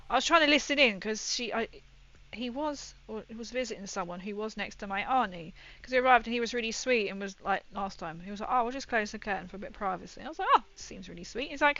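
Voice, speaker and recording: Woman streamer, bright and rambling, casual chat over dull lo-fi audio. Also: on the high side. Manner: chatty, rambling, laughs often. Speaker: livestreamer building a model kit. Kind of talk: casual chat while building.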